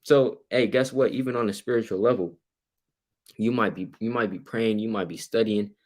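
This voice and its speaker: A man teaching a casual Bible study, reading verses aloud and explaining them, asking "right?" again and again and acting out the people in the story. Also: normal speed. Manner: acts out quoted people with sudden louder, higher bursts. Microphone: computer mic while sharing his screen.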